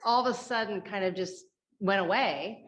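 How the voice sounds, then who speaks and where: A woman's voice: mid-range voice, moderate pace, slight background noise. A woman taking part in a training call, sharing a candid, reflective comment with fillers. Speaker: training participant. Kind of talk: casual discussion.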